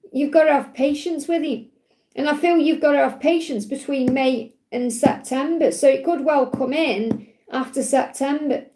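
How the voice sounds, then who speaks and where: A high-pitched woman doing a live card reading for viewers. She sounds reassuring and keeps checking in with a quick "okay?" as she speaks for someone's feelings. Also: warm tone. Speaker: psychic card reader. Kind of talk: live-stream tarot reading.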